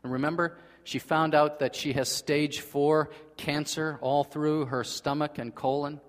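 A man preaching a sermon in earnest, swinging between loud emphasis and hushed, quiet passages. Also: on the high side, steady tone, a little slow. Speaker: pastor. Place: church sanctuary. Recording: long reverb of a large hall.

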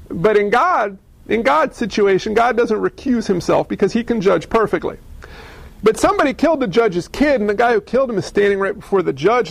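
A man preaching a sermon, telling stories in a conversational, animated way and asking the audience questions. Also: sits high, gravelly, no echo. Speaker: pastor.

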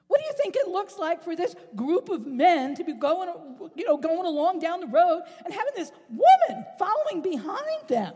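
A woman preaching a sermon in an animated, rhetorical way, at times rising to a shout. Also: very high-pitched, moderate pace. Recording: long reverb in a large hall.

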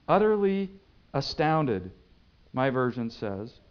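A man preaching a sermon, swinging between loud bursts and hushed lines. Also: on the high side, expressive, unhurried, pauses often, muffled recording. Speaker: pastor.

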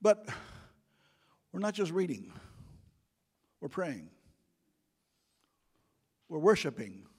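A man preaching a sermon to a congregation in a church, building to loud, emphatic calls. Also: very animated, slow, long pauses, breathy edge. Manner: preaching with rising, booming emphasis. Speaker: pastor. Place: church sanctuary. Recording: long church hall reverb.

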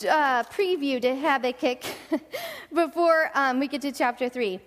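Woman, pastor, high voice, animated sermon storytelling, long church reverb. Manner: animated, laughing often, acts out voices in stories.

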